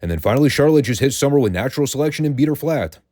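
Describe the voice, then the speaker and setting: A man's voice: mid-range voice, animated, rapid-fire, a little mellow, no room sound, clean studio sound. A man hosting a review podcast, ranting in a sarcastic, profane way. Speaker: podcast host reviewing wrestling.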